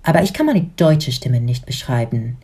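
A woman speaks with theatrical self-assurance. Her voice is very low and husky, with a dark, mellow tone. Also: sing-song, moderate pace. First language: Italian. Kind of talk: casual selfie-video chat.

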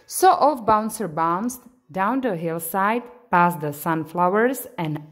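A woman narrating a bedtime story in a gentle, expressive read-aloud manner. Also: fairly low pitch, takes it slowly.

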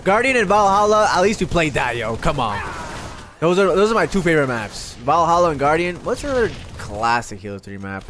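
A man streaming a live video game session, chatting to viewers in an excitable, constantly swearing way. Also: fairly high pitch, brisk, a little hiss or hum. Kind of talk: casual live gaming commentary.

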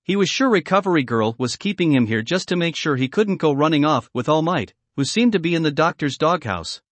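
Guy reading fanfic out loud, kinda high voice, dead dry mic. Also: animated, a little fast, no room sound. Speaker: narrator. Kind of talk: fan fiction reading.

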